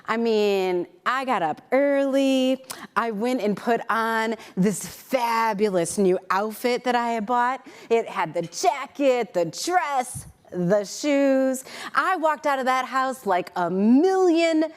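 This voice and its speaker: A middle-aged woman telling a personal story as a keynote speaker, animated and acting out the voices of people in it. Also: a little high, takes it slowly, smooth. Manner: animated, acts out quoted voices. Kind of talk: storytelling talk to an audience.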